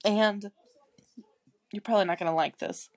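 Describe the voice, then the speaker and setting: A woman's voice: medium pitch, moderate pace, darkish tone, dry recording. A woman co-hosting a casual podcast chat, blunt and swearing freely, laughing often. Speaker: podcast co-host; married mother.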